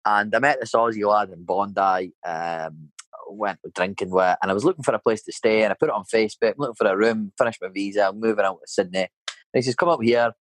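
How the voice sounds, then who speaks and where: A man's voice: on the low side, fast talker, no echo, low-quality recording. A Scottish man in his thirties, a painter and decorator, telling a rambling story in casual chat and filling it with "mate" and "you know". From Scotland.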